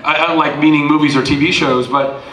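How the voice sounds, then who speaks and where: A man's voice: a little high, fairly even intonation, brisk, fairly bright tone, a little hiss or hum. A man in his forties, a celebrity guest at a fan convention panel, telling a long, tangential and heartfelt story full of restarts. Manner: verbose and tangential, rambling with restarts. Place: large convention panel room. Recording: echoey convention hall.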